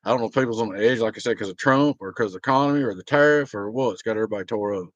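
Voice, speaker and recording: A blunt man rants to his viewers in a casual vlog and rambles through his grievances. His voice is mid-pitched. The recording is dry and a bit dull and lo-fi. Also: rapid-fire, dry recording. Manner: blunt, aggrieved, rambling storytelling. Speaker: small business owner.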